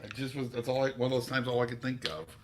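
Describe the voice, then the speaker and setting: A man's voice: medium pitch, expressive, fast. Joking man, faint room hum. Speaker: podcast regular, quiz contestant. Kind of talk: casual podcast chat.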